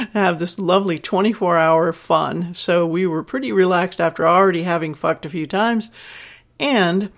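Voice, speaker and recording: A woman's voice: lowish voice, gravelly. A woman over fifty, a sex educator and podcast host, talking frankly and candidly to a listener and telling personal stories in a reassuring teaching tone. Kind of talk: podcast advice talk to a listener.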